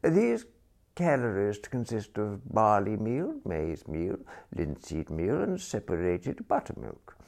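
A man's voice: on the low side, huge pitch swings, slow pace, creaky, a little mellow, exaggerated voice. A man voicing a vague, kindly elderly earl who talks eagerly and fussily. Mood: proud. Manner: eager, fussy, rambling.

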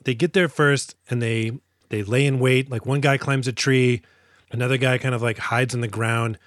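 Animated man recapping a film, dry sound. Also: mid-range voice, normal speed, no echo. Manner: animated, swearing, acts out characters in quotes. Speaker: podcast co-host. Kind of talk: casual movie-review chat.

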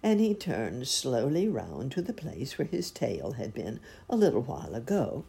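A woman slowly reading a classic children's book aloud in a gentle storytelling way. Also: very deep voice, huge pitch swings, vocal fry, breathy edge. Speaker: storybook reader.

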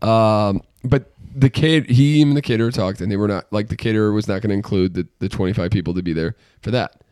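A young man co-hosting a podcast, telling stories in an animated, profane way. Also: fairly low pitch, fast talker, smooth, no room sound, clean studio sound. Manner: animated storyteller, profane, mimics voices. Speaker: podcast co-host. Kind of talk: casual chat.

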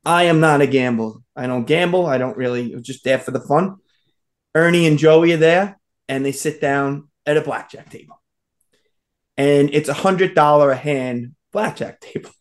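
A man telling a story in a casual chat, animated, acting out quotes and laughing often. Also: a little high, moderate pace.

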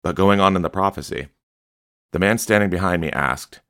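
A man's voice: deep voice, normal speed, gravelly, fairly bright tone, no room sound, clean studio sound. A man reading a prophecy aloud and commenting on it in an earnest, exhorting way.

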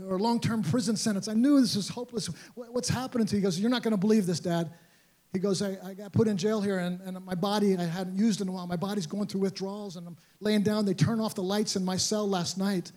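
Older male pastor, high-pitched, earnest emotional sermon storytelling. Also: fairly quick, a little mellow. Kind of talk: sermon testimony.

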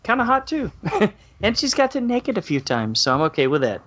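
A man's voice: high-pitched, big pitch swings, a little fast, fairly bright tone, highs cut off. A man hosting a casual podcast, exclaiming, laughing often and swearing freely. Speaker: podcast host.

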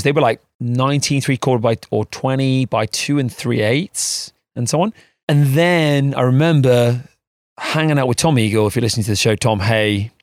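Animated man chatting about surfing. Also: mid-range voice, no echo, clean studio sound. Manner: animated, rambling, self-mocking. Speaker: podcast co-host. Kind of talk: casual chat.

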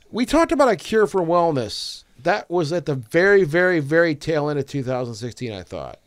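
A man's voice: a little high, very animated, normal speed, no echo, clean studio sound. Rambling man chatting about movies. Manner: rambling, restarts and jokey grumbling. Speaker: podcast co-host. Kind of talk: casual movie chat.

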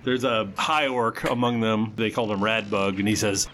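A man's voice: on the low side, steady tone, moderate pace, few pauses, a bit bright, slight background noise. A man narrating a tabletop game as game master in a dry, matter-of-fact way.

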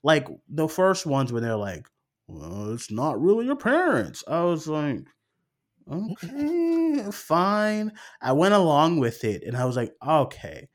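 Animated man telling a story. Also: mid-range voice, normal speed. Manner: animated storytelling, swears freely, acts out his own reactions. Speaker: film review podcast co-host. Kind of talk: casual chat.

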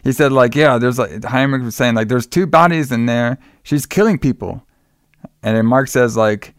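A man's voice: mid-range voice, moderate pace, smooth, no echo, studio quality. Casual man rambling through a plot recap. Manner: loose, filler-heavy retelling with quoted lines.

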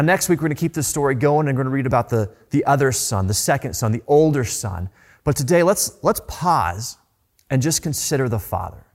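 A male pastor delivers a sermon in a relaxed, conversational way. His voice sits in a middle pitch, and he tells the story with animated asides, as if chatting with the congregation.

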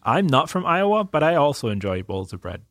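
A man's voice: fairly high pitch, big pitch swings, a little fast, a bit bright, dry recording. A man co-hosting a casual podcast, explaining game design choices plainly and laughing at his partner's jokes. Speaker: co-host, game developer answering player questions.

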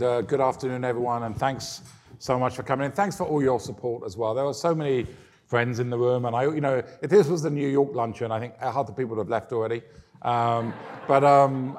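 A man's voice: medium pitch, darkish tone. A man answers questions at an onstage interview. He speaks in a chatty, self-deprecating way, filling gaps with lots of ums and uhs. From United Kingdom. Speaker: airline chief executive, interview guest.

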